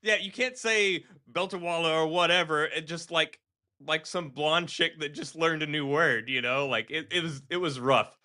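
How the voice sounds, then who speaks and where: Bright-voiced man chatting about games. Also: fairly high pitch, normal speed. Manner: animated, rambling with restarts, mimics voices. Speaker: podcast co-host. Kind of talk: casual gaming podcast chat.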